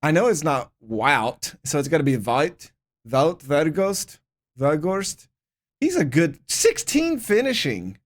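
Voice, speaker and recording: Here the man sounds very animated, his voice slightly high, his pace measured. He gives relaxed commentary on a football management game, reading its prompts out loud and reacting.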